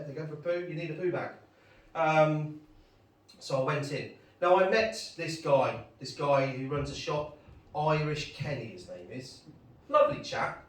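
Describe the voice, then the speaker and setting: A middle-aged man performing a chatty stand-up set in a pub, bantering with the crowd. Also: on the high side. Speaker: stand-up comedian. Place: pub gig room. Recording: echoey pub room, distant mic.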